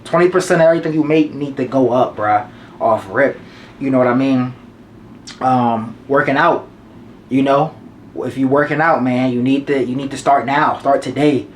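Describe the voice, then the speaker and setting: A young man in his twenties talks straight to the camera in a loose, slangy advice monologue and hammers his points home by repeating them. His voice sits at an everyday middle pitch. A faint hum of room ambience stays under him. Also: moderate pace. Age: 20s. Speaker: vlogger giving advice.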